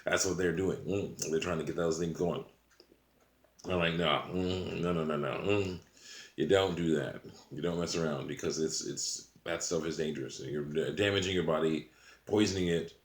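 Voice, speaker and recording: Low-voiced man rambling in an echoey room. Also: steady tone, moderate pace. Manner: rambling, chuckles often between sentences. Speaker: channel host. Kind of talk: casual monologue to camera. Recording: roomy echo.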